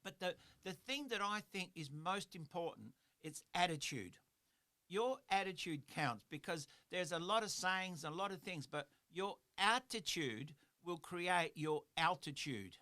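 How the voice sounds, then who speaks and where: A man's voice: sits high, lively intonation, measured pace, pushed and bright. A middle-aged man hosting a motivational radio chat in a studio, talking earnestly and repeating his points for emphasis. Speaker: radio show host.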